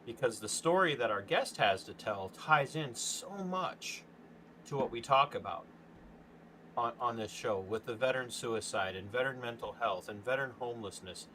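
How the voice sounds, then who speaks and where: A man's voice: mid-range voice, normal speed, sharp tone, a little hiss or hum. A man co-hosting a talk show, speaking with passion and hard emphasis, his voice climbing when he gets worked up. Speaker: co-host. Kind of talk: podcast talk, impassioned rant.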